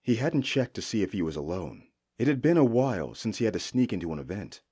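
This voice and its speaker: A man narrating a fantasy audiobook with expressive storytelling. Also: fairly low pitch, quick pace, breathy edge.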